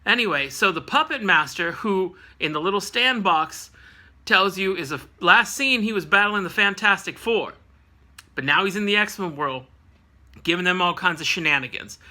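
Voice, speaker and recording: A man's voice: sits high, bright, forceful tone. A man casually recapping a comic issue with rambling, jokey asides. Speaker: comic book reviewer.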